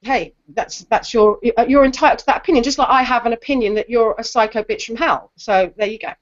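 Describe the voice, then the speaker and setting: A woman's voice: a little high, fast talker. A woman arguing sarcastically in a casual online chat, often stammering as she restarts, over lo-fi call audio. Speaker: guest in online hangout.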